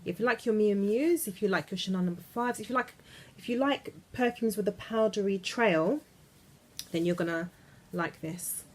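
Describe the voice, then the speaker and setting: A woman's voice: medium pitch, normal speed. A woman chatting casually to camera from her bed about perfumes, gushing and often trailing off mid-sentence. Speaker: beauty vlogger. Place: in bed at home.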